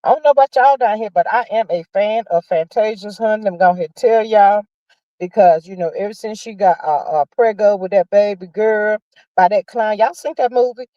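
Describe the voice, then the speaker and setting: A woman hosting a casual livestream, chatting about celebrity news in a sassy, drawn-out way and calling viewers honey and child. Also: mid-range voice, dry recording, lo-fi sound. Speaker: livestream host. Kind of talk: casual gossip chat.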